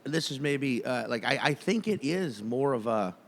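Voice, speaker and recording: Man, mid-pitched voice, co-host, rambling, cursing, casual chat. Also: lively intonation, normal speed, big-room sound. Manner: rambling, profane, many restarts. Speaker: podcast co-host.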